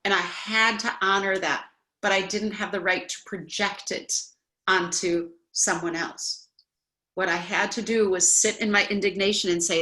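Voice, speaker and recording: A woman's voice: fairly even intonation, measured pace, sharp tone. A woman teaching a spoken self-help class in an earnest, coaching manner, now and then acting out indignant voices. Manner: earnest, acts out indignant voices with rising pitch.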